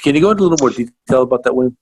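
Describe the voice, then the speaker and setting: A man's voice: mid-range voice, expressive, rapid-fire, a little mellow, breathy edge, no echo. A man hosting a radio interview, asking questions and reacting with surprised interjections. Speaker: radio show host.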